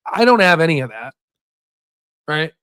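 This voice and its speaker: A man's voice: high voice, fairly bright tone, dry recording, studio quality. Choked-up young man telling his story. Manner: rambling, halting, many restarts. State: choked up, close to tears. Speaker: investing channel host. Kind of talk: candid personal story to camera.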